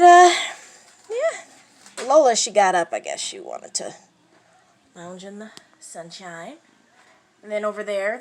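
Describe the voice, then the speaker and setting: Lively relaxed woman chatting about her pets. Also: fairly high pitch. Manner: relaxed, rambling with fillers. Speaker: pet owner vlogger. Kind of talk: casual chat.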